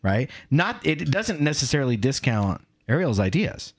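A man's voice: mid-range voice, moderate pace. A middle-aged man co-hosting a podcast, telling stories and ranting with emphasis. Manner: animated storyteller, emphatic and ranting. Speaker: podcast co-host. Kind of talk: casual podcast chat.

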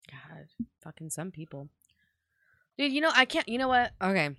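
A podcast co-host in casual chat, reacting quickly and talking crudely. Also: mid-range voice, very animated, sharp tone, no room sound, studio quality.

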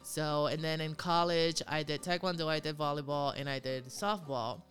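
A woman from Rico, chatting as a podcast guest in a lively, code-switching way. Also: sits low, normal speed, soft background music. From Puerto Rico. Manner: chatty, code-switching, animated when telling stories. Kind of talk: casual podcast interview.

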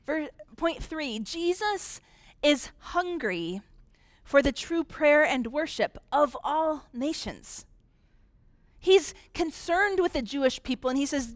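A woman pastor delivering a conversational sermon, slowing into emphatic pauses on key points. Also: high voice, expressive, no echo. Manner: conversational preaching with dramatic pauses.

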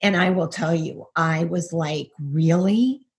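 A woman's voice: low voice, steady tone, a little slow, vocal fry. A middle-aged woman, a guest, giving a personal testimony over a video call, earnest and full of rhetorical questions.

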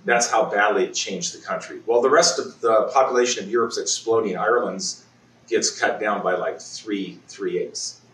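A man delivering a conversational sermon in a church, often restarting his sentences and clearing his throat. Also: fairly low pitch, reverberant, recorded from a distance, low-quality recording. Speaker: preacher. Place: church sanctuary.

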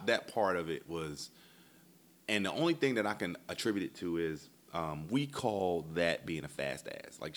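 A man hosting a podcast, telling a casual story in a blunt, profane way, and jumping up high when he imitates his kids. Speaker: podcast host.

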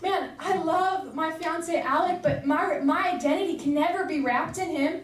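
A woman's voice: very high voice, moderate pace, a little hiss or hum. A young woman giving a casual, earnest sermon, chatty and full of fillers. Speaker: preacher. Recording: echoey room, voice from far off.

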